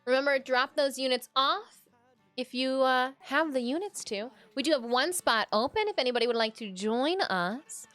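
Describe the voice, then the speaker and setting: A woman's voice: sits high, normal speed, a bit bright, no room sound. A woman from Michigan streaming a game, chatting playfully with her viewers and reading out their names. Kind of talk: casual live-stream chat. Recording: faint game music behind.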